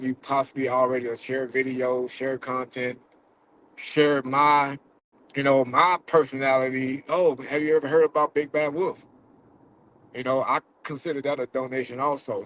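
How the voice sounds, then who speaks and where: This is a man vlogging from a moving car: a predator catcher speaking to viewers in a loose, profane, filler-heavy way while trying not to cry. His mid-range voice sounds fairly bright, and the rough recording carries a little hiss or hum.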